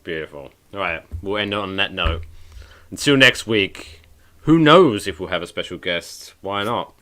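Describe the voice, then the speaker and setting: A British man co-hosting a podcast, chatting casually with joking banter and quick asides. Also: low-pitched, animated, bright, forceful tone. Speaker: podcast co-host. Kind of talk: casual chat.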